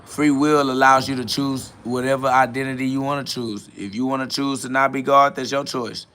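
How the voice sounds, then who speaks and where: A man's voice: mid-range voice, level tone, moderate pace, pushed and bright, a little hiss or hum. A man hosting a live stream, answering chat questions in a preachy, blunt way, with casual slang and quoted Bible verses. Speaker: livestream host.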